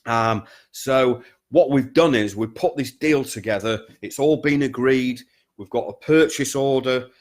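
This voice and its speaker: A man's voice: mid-range voice, measured pace. A man who coaches business students, talking straight to them and repeating his points with frequent "okay?" and "guys". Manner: repetitive, emphatic, keeps checking in with "okay?" and "guys". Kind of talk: direct-to-camera coaching talk.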